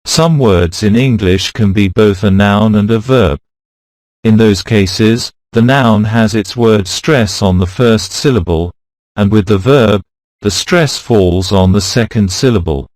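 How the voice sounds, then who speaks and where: A man with a lowish voice reads a pronunciation lesson in a slow, measured way, saying each example word on its own. The sound is close and dry, with no room around it. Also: darkish tone, dry recording. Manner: slow, deliberate, reads words out one by one. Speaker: pronunciation teacher. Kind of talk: scripted instructional narration.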